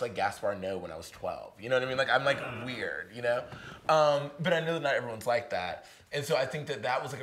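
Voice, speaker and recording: Fast-talking young man, lots of "like". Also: medium pitch. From Virginia, USA. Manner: fast, animated, heavy use of "like", acts out quoted voices. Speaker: playwright, interview guest. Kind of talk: casual onstage conversation. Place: historic barn, live event.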